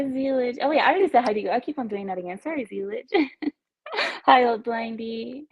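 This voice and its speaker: Speaking quickly in a slightly high, gravelly voice, a woman from Texas runs a laid-back livestream from her home on wireless earbuds. She's chatty and giggly, poking fun at herself while reading comments. The recording is low quality.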